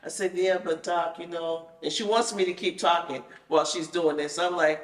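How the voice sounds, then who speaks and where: A woman telling her own story in a casual chat, animated and acting out the conversations she retells. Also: on the low side, moderate pace. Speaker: guest telling her experience. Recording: roomy sound, mic at a distance.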